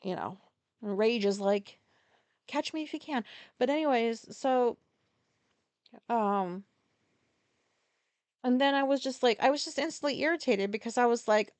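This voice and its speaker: A woman's voice: mid-range voice, no echo. A woman hosting a casual solo podcast, rambling through a story with profane, self-deprecating asides. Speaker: podcast host.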